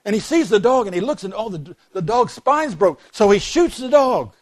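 A man's voice: high-pitched, expressive, moderate pace, darkish tone. A man preaching a sermon in a church, telling folksy stories and joking with the congregation. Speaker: pastor.

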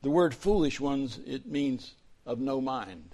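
A male pastor preaching a sermon, dropping to soft whispers and then rising to loud, fervent emphasis. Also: medium pitch, lively intonation, slow pace, few pauses.

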